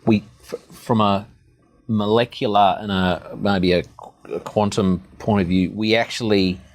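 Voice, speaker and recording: A man's voice: lowish voice, fairly even intonation, measured pace. A man hosting a casual interview, thoughtful and searching for words as he builds up his ideas. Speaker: podcast host.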